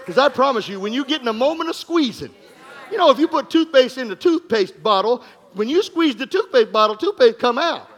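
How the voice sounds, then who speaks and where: A pastor preaching an energetic sermon to his congregation, telling stories with jokes and bursts of shouting. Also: extremely high pitch, fairly quick. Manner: animated, joking, breaks into shouts. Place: church congregation room.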